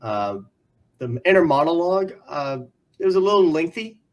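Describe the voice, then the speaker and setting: A man's voice: on the high side, very animated, moderate pace. A man co-hosting a comics podcast in casual chat, hesitant with many ums and uhs. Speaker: podcast co-host.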